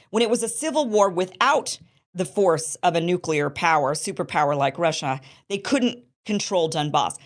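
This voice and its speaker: A woman hosting her show, delivering impassioned, emphatic political commentary in an indignant tone. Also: on the low side. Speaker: show host.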